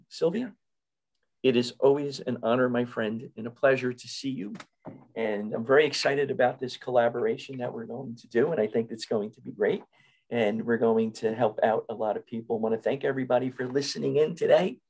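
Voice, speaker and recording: A man's voice: mid-range voice, normal speed, darkish tone, poor audio. A man with a North Jersey accent hosting a podcast, chatting eagerly and often repeating himself as he restarts. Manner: enthusiastic, repeats words and restarts. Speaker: podcast host. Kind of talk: casual interview chat.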